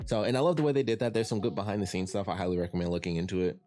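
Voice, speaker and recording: Rambling low-voiced man from Detroit. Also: steady tone, racing, dark tone. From Detroit, USA. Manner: rambling, repeats words and restarts, many fillers. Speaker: TV show reviewer. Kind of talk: casual spoken review.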